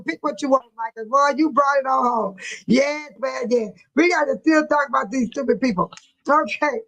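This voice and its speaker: A woman's voice: sits high, fairly bright tone, rough recording. A woman hosting a casual livestream, talking straight to her viewers and laughing often. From Texas. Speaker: livestream host.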